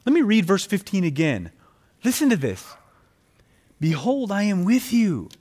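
A man's voice: high-pitched, wildly swooping pitch, a little slow, darkish tone. A man preaching a sermon, reading scripture aloud and pressing his points with rising emphasis, calling his listeners friends.

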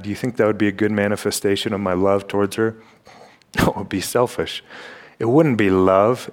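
A young man preaching a sermon in a church, emphatic and full of rhetorical questions, clearing his throat now and then. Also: lowish voice. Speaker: campus ministry preacher. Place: church sanctuary.

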